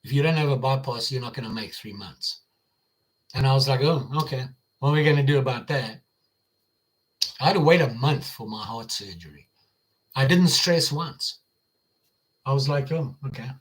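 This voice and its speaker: An older man with an American Midwestern accent hosts his channel's live stream, chatting casually and rambling with fillers and restarts. His voice is medium-pitched, his pace moderate, and he pauses often.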